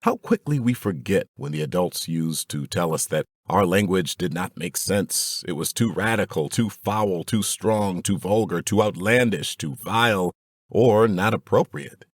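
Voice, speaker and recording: A low-pitched man narrates a fatherly advice book with a deliberate, instructive delivery, as if speaking straight to his son. The sound is dry and close, with no room around it. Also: expressive, dry recording.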